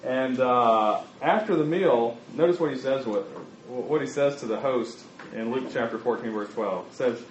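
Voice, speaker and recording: A man preaching a sermon, talking in a conversational, halting way with many fillers and restarts. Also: mid-range voice, recorded from a distance, a little hiss or hum. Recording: echoey, dull room recording.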